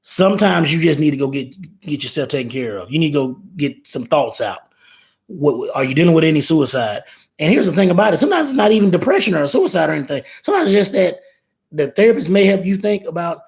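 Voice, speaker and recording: On his laid-back live stream, a man in his thirties speaks fast and animatedly in a higher, husky voice full of vocal fry. He rambles, says words over and over, and reads viewer comments aloud.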